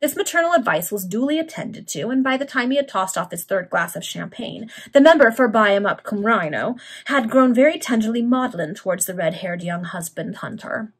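Breathy woman reading a serial aloud. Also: a little high, animated, brisk, hardly any pauses. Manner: amused, laughs at the text. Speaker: reader.

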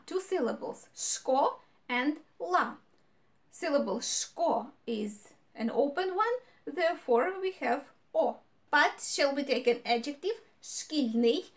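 A woman leads a grammar lesson in a high, light voice. She explains step by step at an unhurried pace and repeats each example word for clarity. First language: Ukrainian. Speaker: language teacher.

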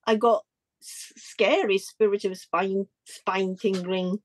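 A woman's voice: takes it slowly, no room sound. A woman artist in a casual interview, searching for her words with many restarts and voice jumps when she tells stories. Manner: lively pitch jumps when telling stories. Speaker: artist guest.

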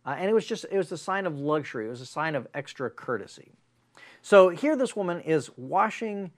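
Male pastor preaching, animated storyteller, higher-pitched voice. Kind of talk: sermon.

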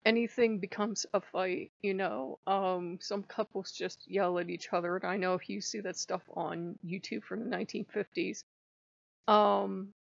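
Woman hosting her own channel, creaky and gravelly, rambling with lots of laughs, dull muffled audio. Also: medium pitch, no echo. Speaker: channel host. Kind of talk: casual vlog chat. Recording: dull lo-fi sound.

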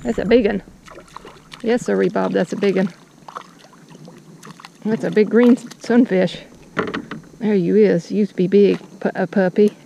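A chatty woman narrates while fishing from a kayak outdoors. She talks to the fish and her viewers with folksy phrases. Wind and water noise sit clearly behind her voice. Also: mid-range voice, steady tone, a little slow, long pauses, warm tone, low-quality recording. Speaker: fishing vlogger.

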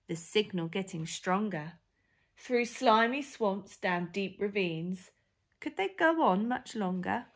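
Woman, storyteller, children's picture book read-aloud, expressive, lively sing-song, slow. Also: mid-range voice. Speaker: storyteller for a family charity.

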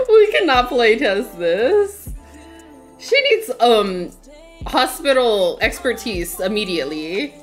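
A woman's voice: on the high side, a bit bright. A woman streaming a game in casual, chatty commentary, laughing often and talking to her chat.

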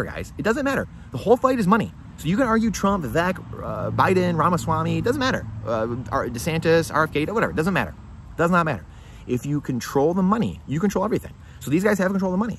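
A male vlogger speaks straight to camera at a rapid clip, hammering points home through repetition and rhetorical questions. His delivery is emphatic and urgent. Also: on the high side, big pitch swings, a bit bright, slight background noise. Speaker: finance vlogger. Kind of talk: direct-to-camera commentary.

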